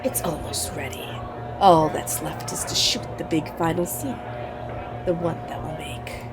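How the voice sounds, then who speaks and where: A woman voicing a sinister, fear-obsessed male film director, whispered role-play with a slow menacing hush. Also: low voice, music in the background.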